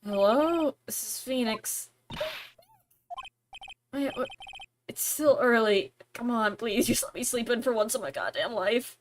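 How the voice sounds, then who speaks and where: Flustered young male lawyer, exasperated, high-ish and animated; a woman reads him. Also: unhurried, long pauses, slight background noise. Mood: groggy. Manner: exasperated and grumbling. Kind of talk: reading game dialogue aloud.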